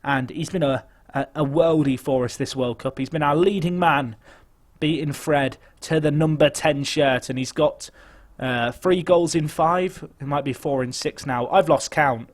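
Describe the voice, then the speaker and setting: Young male game streamer; slightly higher voice, chatty live commentary, jumps from anxious mutters to loud outbursts. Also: unhurried. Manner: chatty, excitable, swings between nervous muttering and shouting.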